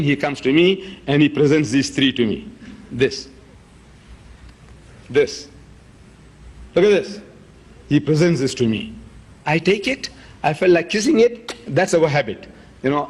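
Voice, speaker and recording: A man's voice: on the high side, husky. A man lecturing an audience in an emphatic way, showing objects and repeating key words. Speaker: debate speaker.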